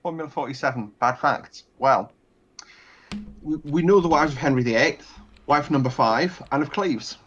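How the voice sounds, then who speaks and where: A man's voice: fairly high pitch, normal speed, lo-fi sound. A man telling rambling history anecdotes in casual chat, full of restarts and fillers.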